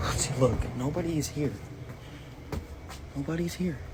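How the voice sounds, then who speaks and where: Here the same kind of scene plays out: a young man alone in a store at night records frightened clips on a handheld phone, jittery, slangy, and dropping sentences halfway. His slightly high voice comes through a very noisy recording.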